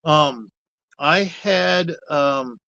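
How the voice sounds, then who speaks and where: A man's voice: on the high side, very slow, bright, forceful tone, dry recording, muffled recording. A man being interviewed as a guest, speaking in a casual, rambling and candid way with some mild cussing. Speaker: guest, puppet builder. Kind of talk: casual chat.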